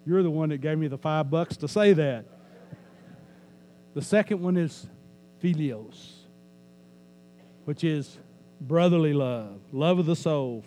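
A man's voice: on the high side, mellow, slight background noise. A man preaching a sermon in a church as pastor, talking conversationally, joking with the congregation and repeating key lines for emphasis.

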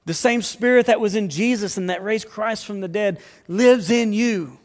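Man, pastor, sermon, high voice, earnest, fervent, reverberant hall. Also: moderate pace. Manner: earnest preaching, rising to fervent appeals.

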